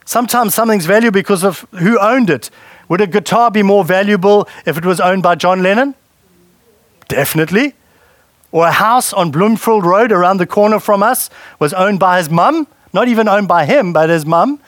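A man's voice: high voice, normal speed, no room sound. A man preaching a sermon in a conversational way and putting questions to the congregation. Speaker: pastor.

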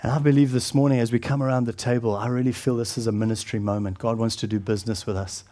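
A middle-aged man preaching a sermon as pastor, earnest and often dropping to a hushed, solemn tone, with halting restarts. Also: medium pitch, level tone.

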